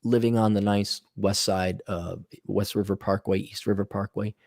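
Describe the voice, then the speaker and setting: A lowish, creaky voice at normal speed belongs to a podcast host giving ranting solo commentary. He's profane, sarcastic and animated, mocking people in quoted voices and scattering scornful asides.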